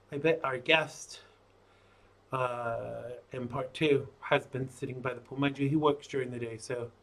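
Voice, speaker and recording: A man's voice: fairly high pitch, fairly bright tone. A man hosting his own live stream, rambling chattily and talking to himself while he gets ready to go live. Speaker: live-stream show host. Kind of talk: casual pre-show chat to himself.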